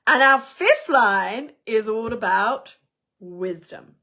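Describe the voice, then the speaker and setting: A woman coaching a business workshop, talking in an animated, emphatic way and repeating words for emphasis. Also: fairly high pitch, slow pace. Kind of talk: teaching a workshop lesson.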